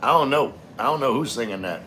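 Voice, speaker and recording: A man's voice: mid-range voice, animated, fast, pushed and bright, slight background noise. A man hosts a casual livestream, reading chat aloud and wandering off into loose, slangy tangents. His voice sits mid-range, and he has had a few drinks. The pace is easygoing. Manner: laid-back, slangy, rambling.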